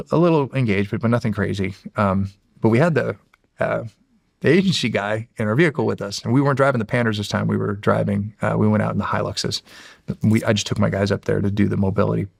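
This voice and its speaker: A former Navy SEAL from Erie, Pennsylvania, guests on an interview show and tells stories casually, rambling, swearing often, restarting phrases, and acting out quoted dialogue. His voice is fairly low and creaky and he talks fairly quickly. The sound is studio quality with no echo.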